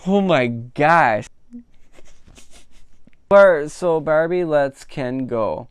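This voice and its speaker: A man talks through a movie in a loose, chatty way, leaning on "like" and "you know" as he goes. His voice is smooth and resonant. It sits close and dry, with no room sound around it. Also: on the high side, extremely slow, long pauses, no room sound. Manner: animated, laughing at the funny parts. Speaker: movie reviewer. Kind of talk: casual spoken film review.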